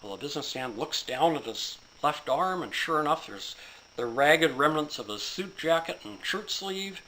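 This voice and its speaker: Bright-voiced man spinning a joke. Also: fairly high pitch, expressive, slight background noise, rough recording. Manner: folksy, drawn-out storytelling. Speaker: YouTuber telling a joke. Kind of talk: casual joke storytelling.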